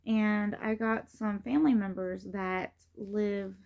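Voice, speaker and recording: A woman's voice: medium pitch, fairly even intonation, takes it slowly, vocal fry, darkish tone. A middle-aged woman vlogging in a casual, rambling way, with many fillers and restarts. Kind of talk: casual rambling vlog talk.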